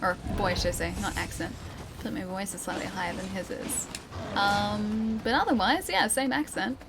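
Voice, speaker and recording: A woman's voice: medium pitch, normal speed, noisy background. An Australian woman streaming a game live, chatting playfully, laughing often and answering her chat. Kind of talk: live gameplay commentary, reading chat.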